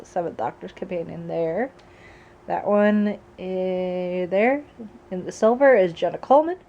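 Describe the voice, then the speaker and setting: A woman's voice: medium pitch, darkish tone. Tired, chatty woman vlogging at home. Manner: rambling, chatty, with laughs and asides. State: sick and tired. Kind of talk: casual chat. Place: at home by a patio door.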